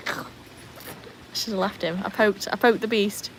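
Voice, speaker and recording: A British woman hosts a relaxed livestream from her home. She chats freely, reads out viewers' questions and talks to her dogs. Her voice sits at a middle pitch, with faint household noise in the background. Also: unhurried, long pauses, low-quality recording. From Britain. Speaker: livestream host. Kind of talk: casual livestream chat.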